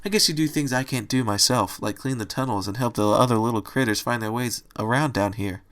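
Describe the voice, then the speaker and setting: A man voicing a timid young mare turned into a rabbit, speaking hesitantly and softly. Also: medium pitch, fairly quick, close to an everyday voice. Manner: hesitant, soft-spoken.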